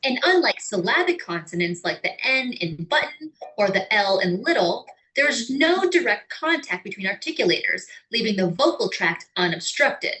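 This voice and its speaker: A woman with an American accent giving clear, scripted educational narration. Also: medium pitch, big pitch swings, normal speed, few pauses, pushed and bright, poor audio. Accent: General American. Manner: clear, explanatory, with sung or acted example words.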